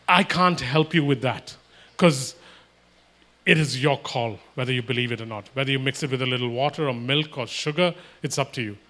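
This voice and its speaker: A man's voice: mid-range voice, moderate pace, pushed and bright. A man preaching a sermon, emphatic and repetitive, acting out imagined everyday exchanges.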